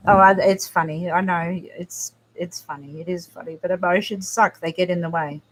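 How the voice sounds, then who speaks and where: A woman with a lowish voice hosts a casual livestream chat, talking straight to her viewers. She speaks softly and haltingly, often restarting her sentences, and her talk stays close to emotion. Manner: emotional, halting, soft-spoken with frequent restarts. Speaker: livestream host.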